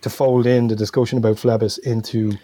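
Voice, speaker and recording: A man rambles through a relaxed podcast chat, restarting his sentences and chuckling as he goes. His voice is mellow and a little husky. The sound is dry and close. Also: medium pitch, a little fast, dry recording. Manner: rambling, self-correcting, chuckles often. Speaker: podcast guest.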